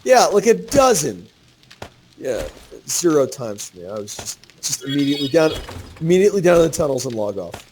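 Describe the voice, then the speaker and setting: Male gamer, lively profane storyteller, slightly higher voice. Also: normal speed, slight background noise. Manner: animated storyteller, swears freely. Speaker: gamer telling a story to co-players. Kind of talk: casual gaming chat.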